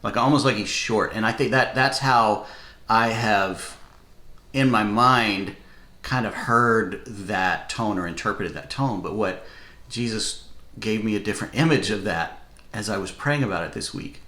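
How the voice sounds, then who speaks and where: A man co-hosting a casual faith podcast, reflective and growing animated when excited. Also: fairly low pitch, unhurried. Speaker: podcast co-host who has preached. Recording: roomy echo.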